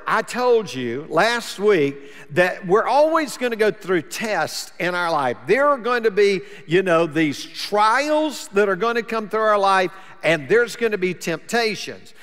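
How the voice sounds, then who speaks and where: A pastor giving a sermon in a conversational, folksy way. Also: male voice, high voice, lively intonation, unhurried, fairly bright tone, in a large hall. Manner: conversational preaching, plain folksy wording. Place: church sanctuary.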